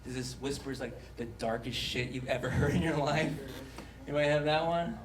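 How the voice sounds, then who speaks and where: A man's voice: medium pitch, brisk, background noise. A man doing a stand-up comedy set in a club, swearing and acting out voices, with audience laughter. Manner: swearing, animated, acts out voices. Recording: echoey club recording from a distance.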